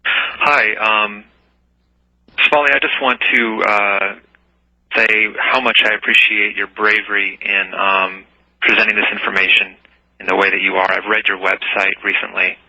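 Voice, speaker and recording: Low-voiced male caller on a dull line. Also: level tone, unhurried, sharp tone, no echo. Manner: hesitant, with many ums. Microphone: telephone. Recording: distant, dull phone-in audio.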